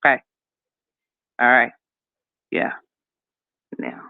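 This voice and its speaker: A man's voice: very slow, no echo. A man hosting commentary, ranting heatedly and profanely with a sassy edge. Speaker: commentary host. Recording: tinny phone-like dry sound.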